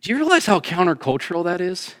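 A pastor preaches from the front of a church sanctuary in a voice a little high for a man. Very animated and quick, his conversational style swings from raised, emphatic lines to quiet, chatty asides to the congregation.

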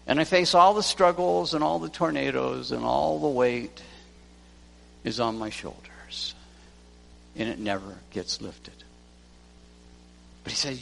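Emphatic gravelly preacher man, reverberant hall. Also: medium pitch, unhurried, long pauses. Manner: emphatic preaching, swinging from loud to hushed. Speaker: pastor. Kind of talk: sermon. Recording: long church reverb.

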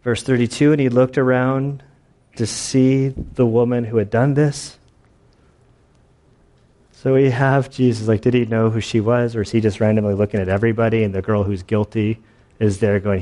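A male pastor teaches through a Bible passage in a loose, conversational way. He rambles, circles back and fills his speech with filler words and small laughs. His voice sits at an ordinary middle pitch. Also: little pitch movement, moderate pace, mellow.

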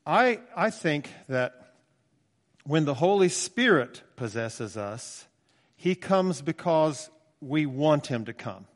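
A man's voice: a little high, very animated, slow. A man in his sixties preaching a conversational, emphatic sermon with asides in a church. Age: 60s. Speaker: pastor. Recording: long church reverb.

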